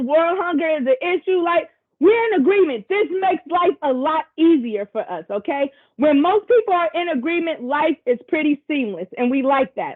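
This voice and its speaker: A woman presenter facilitating a virtual workshop over a video call, chatty and encouraging, with casual asides to the group. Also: sits high. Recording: tinny video call audio.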